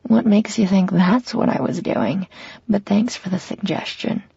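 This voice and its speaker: A woman's voice: mid-range voice, unhurried, creaky, breathy edge, no echo, dull audio, full character voice. Woman whispering as a teasing young male lover. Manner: murmured, hushed, teasing.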